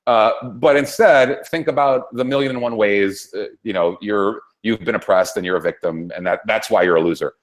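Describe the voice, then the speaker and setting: This talk-show co-host has a fairly low voice and speaks at a normal speed with hardly any pauses. His profane political rant is heated, packed with constant swearing and rambling restarts.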